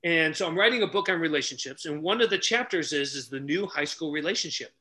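A middle-aged man telling stories loudly on a podcast, acting out each character's lines as a relationship coach. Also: a little high, quick pace. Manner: animated, loud, acts out dialogue. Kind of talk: energetic storytelling in casual chat.

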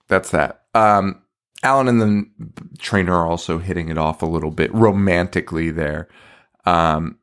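A man's voice: sits low, a bit bright. A man co-hosting a podcast, recapping a horror movie in casual chat, swearing and laughing as he acts out lines. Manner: profane, laughing, acts out quotes. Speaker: podcast co-host.

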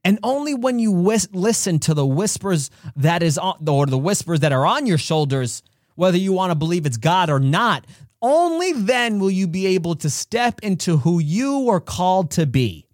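A man's voice: sits high, very animated, normal speed, no echo, clean studio sound. A man hosting a podcast, giving an earnest, direct faith-based motivational talk full of stories. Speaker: podcast host.

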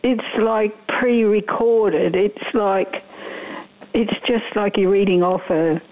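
An older woman talks good-naturedly on a call to a radio show. She has a middle-pitched voice, heard through a tinny phone line. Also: takes it slowly. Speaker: caller, co-host's mother. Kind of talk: phone conversation.

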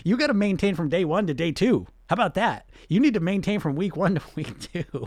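A middle-aged man coaching on weight loss and answering questions, blunt and animated, firing off rhetorical questions. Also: high voice, quick pace, no echo, clean studio sound.

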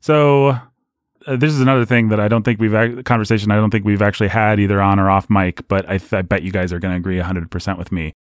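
A man co-hosting a podcast, talking in an animated, rambling and candid way about a book. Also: lowish voice, fast talker, no echo, clean studio sound. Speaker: podcast co-host. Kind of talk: casual book discussion.

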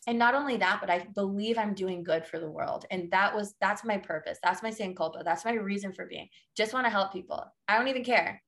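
A woman's voice: medium pitch, a little fast, a bit bright. A young woman, a fitness coach, chatting as a podcast guest in a sassy, emphatic, motivational way. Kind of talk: casual interview chat.

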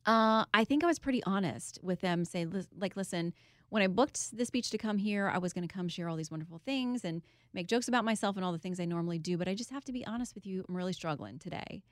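A woman's voice: mid-range voice, quick pace, dry recording, clean studio sound. A woman guest in an interview, telling a personal story in an earnest, candid way with occasional laughs. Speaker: guest, author and TV host.

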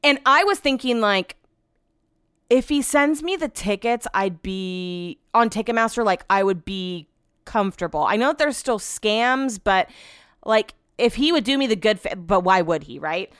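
A woman's voice: medium pitch, expressive, a little slow, smooth, no room sound, studio quality. A woman hosting a podcast, telling a story in a casual, rambling way, full of "like"s and frank swearing. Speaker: podcast host.

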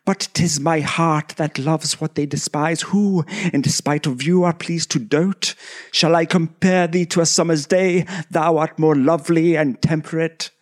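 A man's voice: on the high side, fairly even intonation, measured pace, voice pushed up, natural voice. A man doing Picard, a pompous stage-y starship captain. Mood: lovelorn. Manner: melodramatic stage declamation. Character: pompous male starship captain reciting Shakespeare.

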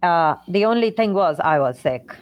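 A middle-aged woman speaks as a guest in an interview, recounting a painful stretch of her life. Her voice sits a little low, and she talks haltingly, circling back through fillers and restarts. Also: lively intonation, no echo, highs cut off. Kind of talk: emotional personal story in conversation.

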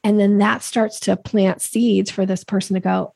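A woman talking as a sales coach guest on a podcast interview, animated, acting out quoted voices with big pitch jumps. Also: normal speed, vocal fry, few pauses, slightly rough, dry recording, studio quality.

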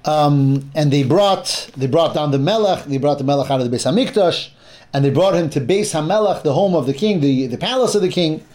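A man's voice: on the high side, lively intonation, brisk, a little mellow. A man teaching a Bible class, explaining verses step by step, often restarting his phrases and mixing in Hebrew terms.

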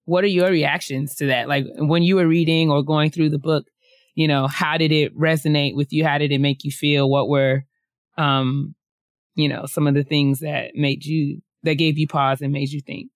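A woman co-hosting a casual book discussion podcast, talking haltingly with many restarts and frequent laughter. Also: low voice, level tone, no room sound, studio quality. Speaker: book club co-host.

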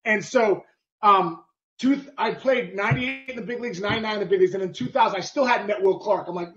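A middle-aged man, a former ballplayer hosting a podcast, telling a story in casual, animated chat with bursts of sound effects. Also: high voice, fast talker, muffled recording. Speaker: podcast host, former baseball player.

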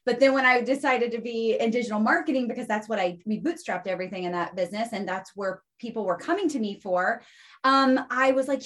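A woman guest in a casual podcast interview, telling stories in an animated way and often tagging her points with "right?". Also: a little high, fairly quick.

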